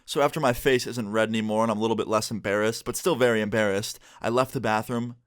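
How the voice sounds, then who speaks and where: A young man rattling off a storytime at a fast clip, animated and casual. His voice is dry and close to the mic, with no room sound. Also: lowish voice, clear, resonant tone, dry recording. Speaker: vlogger.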